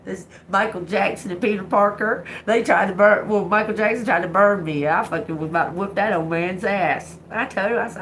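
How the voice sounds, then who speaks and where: A woman's voice: medium pitch, fairly quick, few pauses, fairly bright tone, slight background noise. A middle-aged woman, telling a blunt, profane story to her livestream audience. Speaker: livestream host. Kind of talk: casual storytelling monologue.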